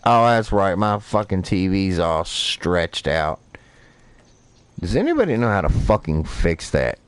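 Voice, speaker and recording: A man's voice: fairly low pitch, sing-song, measured pace, clear, resonant tone, no echo. A man streaming a fishing game, telling rambling, profane stories while he plays. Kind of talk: casual gameplay commentary.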